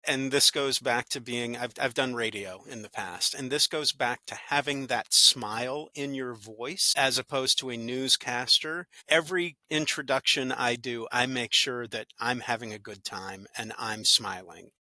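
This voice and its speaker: A man's voice: medium pitch, measured pace, few pauses, sharp tone, no echo. A man, an actor and good-news podcaster, chatting as an interview guest in an upbeat storytelling way, now and then acting out little quoted voices. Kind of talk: casual interview talk.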